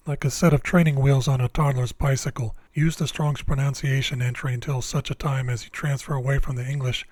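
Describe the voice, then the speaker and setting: Man, scripted lesson narration, measured and deliberate, mid-pitched voice, dry close sound. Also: darkish tone, no echo. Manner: slow, deliberate, measured explanations. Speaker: Bible language teacher.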